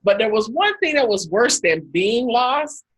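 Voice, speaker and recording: Husky-voiced woman telling stories. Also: fairly high pitch, unhurried, poor audio. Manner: animated anecdotes, acts out quotes with laughs. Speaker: host. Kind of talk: casual storytelling talk. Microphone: video call.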